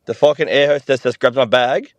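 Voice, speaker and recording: A man's voice: medium pitch, brisk, dry recording, dull audio. A man vents in a voice message, his complaint delivered as a grumbling, sweary rant. The recording is close and dry, with no room sound. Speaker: caller leaving a voice message.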